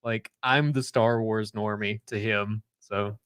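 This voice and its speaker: A man's voice: fairly low pitch, fairly even intonation, slow, fairly bright tone, clean tone, dry recording. Laid-back young male co-host. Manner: laid-back, laughs often. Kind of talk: casual chat.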